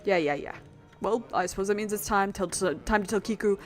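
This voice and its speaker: A woman's voice: mid-range voice, brisk, faint music behind, natural voice. A woman voicing a nervous, lovestruck young man in a New York accent, stammering as she reads game dialogue. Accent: New York put-on. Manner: hesitant, stammering.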